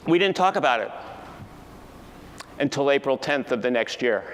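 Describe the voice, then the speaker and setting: Older male keynote speaker, animated storyteller, recorded in a reverberant conference hall. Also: medium pitch, slight background noise. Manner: animated storytelling, acts out family dialogue. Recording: distant echoey hall with faint ambience.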